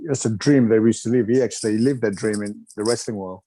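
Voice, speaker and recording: A man's voice: lowish voice, quick pace, mellow. A middle-aged man from Wales, a retired wrestler, reminiscing in a rambling, chuckling way with lots of filler phrases.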